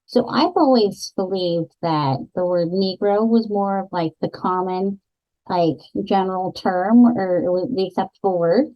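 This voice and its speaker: A woman's voice: medium pitch, measured pace. Talkative woman, slightly dull audio. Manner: relaxed, talkative, with fillers. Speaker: podcast co-host. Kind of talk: casual book chat.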